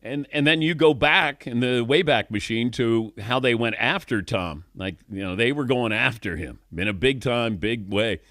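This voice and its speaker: A man's voice: mid-range voice, moderate pace, hardly any pauses, fairly bright tone, no echo, studio quality. A middle-aged man hosting a sports talk show, chatting casually and laughing often. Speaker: sports talk radio host.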